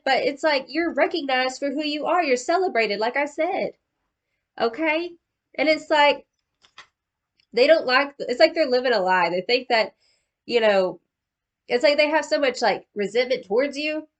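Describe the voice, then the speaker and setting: Slangy, higher-voiced woman tarot reader. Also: a bit bright. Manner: slangy, profane, chatty, calls the listener boo-boo. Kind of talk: casual tarot card reading.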